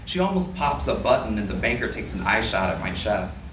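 A man's voice: lowish voice, a little fast, noisy background. Man reading fiction aloud in a roomy hall. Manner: lively first-person storytelling with small laughs. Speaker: reader at a literary event. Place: live reading event indoors. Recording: roomy hall, distant mic, faint ambience.

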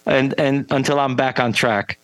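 A man's voice: mid-range voice, moderate pace, dry recording, low-quality recording. A man, a band frontman and podcast guest, telling stories in a rambling way with many fillers and restarts, acting out the people he quotes. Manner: animated, acts out quoted people. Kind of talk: casual interview storytelling.

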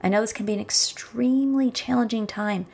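A woman podcast host speaking gently and encouragingly, reflecting and telling a fable, sometimes dropping to a whisper. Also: a little high, a little fast, creaky, slightly rough. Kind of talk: reflective monologue with storytelling. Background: background music.

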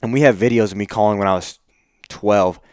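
Young man with a smooth, lowish voice. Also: dry recording, studio quality. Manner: quick, animated storytelling with acted-out quotes. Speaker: elk caller, works in a shop. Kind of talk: casual chat.

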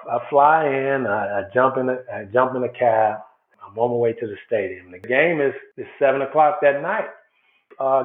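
A man from Chicago, a former baseball player, telling his story as an interview guest and acting out the people in it. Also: mid-range voice. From South Side of Chicago. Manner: animated storyteller, acts out quotes. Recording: echoey, phone-like sound.

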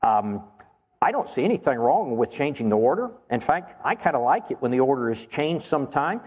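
A man's voice: medium pitch, big pitch swings, a little mellow, breathy edge. Earnest preacher man in a reverberant hall. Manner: measured and earnest, slows to stress key phrases. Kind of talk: Bible question-and-answer sermon. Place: church auditorium. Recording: long reverb of a church hall.

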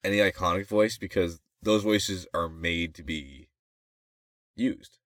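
Deep-voiced man rambling in podcast chat. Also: unhurried, a bit bright, no room sound, clean studio sound. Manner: rambling, musing, trails off mid-thought. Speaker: podcast co-host.

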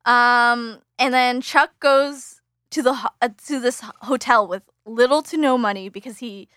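A woman's voice: on the high side, unhurried, a bit bright, no echo, clean studio sound. A woman co-hosting a podcast who rambles through a casual film recap, full of fillers and laughter. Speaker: podcast co-host.

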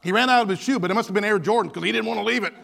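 A man delivers a sermon as a humorous story, full of quick restarts. His voice sits high and sounds bright and forceful. It carries the long reverb of a church hall. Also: vocal fry, slight background noise. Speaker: pastor. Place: church sanctuary.

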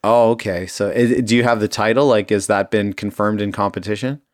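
A man's voice: on the low side, steady tone, brisk, no echo, clean studio sound. A man co-hosting a podcast in casual chat, easygoing and a little hesitant, with lots of fillers. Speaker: podcast co-host.

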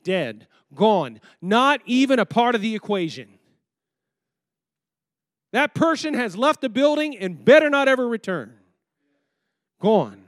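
A pastor preaching a sermon, firing rhetorical questions at the congregation and swinging between loud, emphatic lines and low, quiet ones. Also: male voice, sing-song, unhurried, long pauses, no room sound, studio quality.

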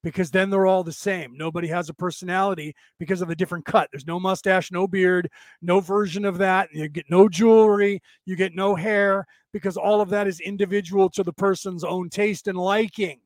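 A man's voice: high voice, fairly even intonation, a little fast, no room sound. A male podcast host giving a blunt, opinionated spiritual monologue full of rhetorical questions.

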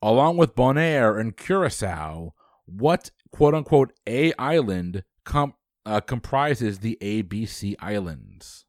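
A man hosting a trivia quiz, reading questions briskly and dropping dry quips. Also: fairly low pitch, sing-song, dry recording.

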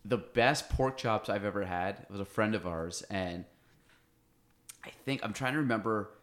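A man hosting a podcast, chatting easily with his guest in a fairly low voice. He explains things in a loose, meandering way and often restarts his sentences. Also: normal speed, fairly bright tone. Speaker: podcast host. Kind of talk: casual conversation.

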